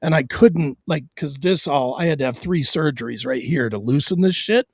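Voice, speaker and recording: A man's voice: fairly high pitch, moderate pace, creaky, darkish tone, no room sound, clean studio sound. A middle-aged man on his own show, telling a hard personal story bluntly and profanely, with stammered restarts.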